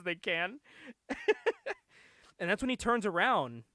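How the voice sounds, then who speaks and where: A young man hosting a podcast, casually recapping a comic book, animated and laughing often. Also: high-pitched, slow, pauses often, dry recording, clean studio sound. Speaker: podcast host.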